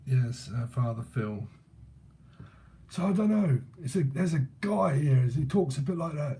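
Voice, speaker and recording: A man's voice: fairly high pitch, lively intonation, a little slow, pauses often, mellow. A man as a tarot reader channeling spirits, musing aloud in a loose, casual way with frequent chuckles. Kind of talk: psychic channeling session.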